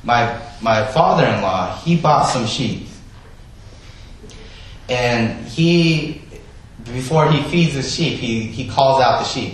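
A man preaching a sermon, stressing key words loudly and then dropping to a soft, quiet delivery. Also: medium pitch, expressive, slow. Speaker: pastor. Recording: echoey room, voice from a distance.

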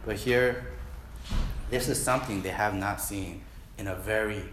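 A man's voice: on the low side, unhurried, fairly bright tone, slight background noise. A man preaching a casual, joking sermon and asking the congregation to answer back. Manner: jokey, conversational, asks the congregation to respond. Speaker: pastor. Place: church hall. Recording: echoey church hall.

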